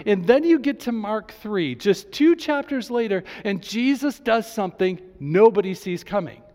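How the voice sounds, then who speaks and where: A man's voice: sits high, a little mellow, big-room sound. A male pastor preaching a sermon with enthusiasm, reading scripture aloud to his congregation.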